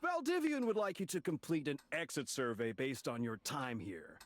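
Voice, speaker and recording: A man's voice: fairly high pitch, very animated, normal speed, slight background noise. A chummy, pushy corporate guy. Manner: chummy, salesman-like. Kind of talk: video game character dialogue.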